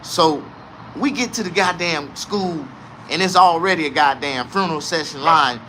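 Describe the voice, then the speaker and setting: A man from the South, telling a comedic story in a casual, profane, animated way. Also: fairly high pitch, moderate pace, background noise. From American South.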